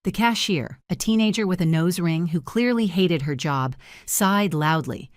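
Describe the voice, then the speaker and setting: A woman narrating a first-person family drama story in a measured, dramatic way. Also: lowish voice, dry recording, studio quality.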